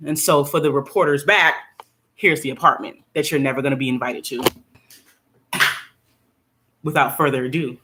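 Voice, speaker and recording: A middle-aged American woman vlogs casually, venting bluntly while she tours her small apartment on a phone camera she holds herself. Her voice is deep and her speed normal, with frequent pauses. She's animated and laughs often.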